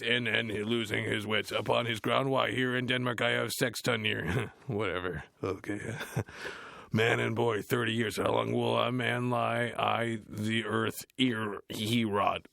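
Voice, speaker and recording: An actor playing a dim, gruff heavy metal frontman, reading a book aloud in a deadpan, grumbling, dismissive way, with a gravelly, growly voice. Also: medium pitch, dry recording, studio quality, heavily acted. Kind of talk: comedic audiobook reading.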